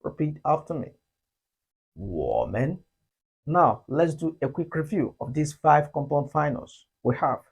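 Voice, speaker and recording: A man teaching pronunciation, speaking slowly and deliberately, calling out model sounds loudly and asking the listener to repeat after him. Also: fairly high pitch, fairly even intonation, vocal fry, slightly rough. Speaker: language teacher. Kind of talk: pronunciation lesson.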